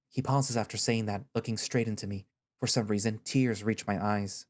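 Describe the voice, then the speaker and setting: A man's voice: lowish voice, steady tone, moderate pace, no echo. Man narrating a reflective audio story.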